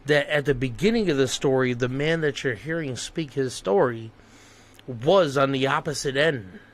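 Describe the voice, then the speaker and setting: A male podcast host keeps the talk loose and jokey, teasing his guest. His voice has a middle pitch and plain tone. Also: normal speed. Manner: joking, loose banter. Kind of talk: casual podcast chat.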